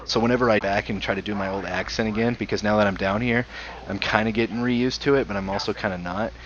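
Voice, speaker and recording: A man with a Southern US accent talks in a lowish voice, rambling loosely with lots of filler. His voice comes through a dull, lo-fi voice-chat line with a faint hiss behind it. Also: fairly even intonation, fast, fairly bright tone. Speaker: gaming friend on voice chat. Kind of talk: casual chat while gaming.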